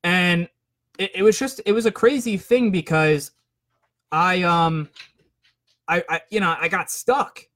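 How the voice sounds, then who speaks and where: A man's voice: high voice, unhurried, pauses often, a bit bright. A man telling a casual personal story to his viewers, rambling and venting his frustration, full of "right?" and "like". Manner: rambling, frequent "right?" and "like" fillers.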